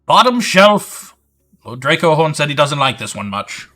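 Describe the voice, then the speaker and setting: A man's voice: on the high side, sing-song, measured pace, soft background music, voice pushed up, full character voice. A man voicing a burly male cook who barks orders at a kitchen boy. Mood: bossy. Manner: loud, barking.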